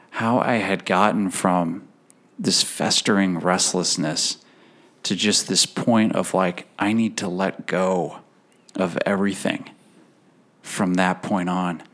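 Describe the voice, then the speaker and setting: Male podcast guest, deep voice, earnest storyteller, emotional, halting restarts and soft laughs. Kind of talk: personal faith story in a conversational interview.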